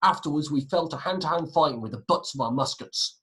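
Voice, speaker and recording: Stern soldier giving a battle report, as a man puts him on, loud declaiming delivery, raised voice, slightly higher pitch. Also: brisk. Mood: grim, resolute. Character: stern male parliamentarian soldier reading his battle report.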